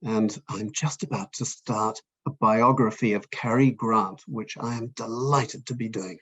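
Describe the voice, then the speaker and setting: An older man from Fiji, an author talking in an interview, hesitant and self-deprecating with many pauses and restarts. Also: on the low side, fairly even intonation, breathy edge. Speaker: author guest. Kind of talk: conversational interview.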